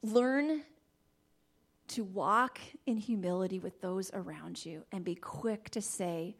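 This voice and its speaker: A woman giving a faith-based talk on marriage, animated, laughing often and dropping into soft asides. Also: medium pitch, takes it slowly. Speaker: Christian marriage teacher.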